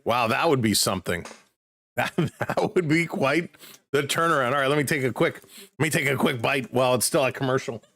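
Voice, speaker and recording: A man casually calling football play-by-play on a live stream, chatting excitedly with viewers. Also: medium pitch, a little fast.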